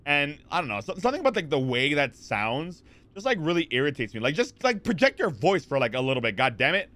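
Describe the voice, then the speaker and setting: A man streaming from a home setup, chatting casually with viewers. He rambles in a lively way, reads chat messages aloud and answers them, with plenty of fillers and restarts, close to a desk mic. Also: a little high, fast talker, no echo. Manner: rambling, animated, lots of fillers and repeats. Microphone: desk microphone.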